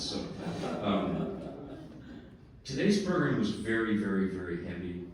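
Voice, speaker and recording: A man's voice: sits low, unhurried, long pauses, very echoey, recorded from a distance, noisy background. A man, a pianist, chatting between pieces at a recital and telling stories with easy asides. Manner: relaxed storytelling with laughs and asides. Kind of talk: lecture-recital remarks. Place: recital hall.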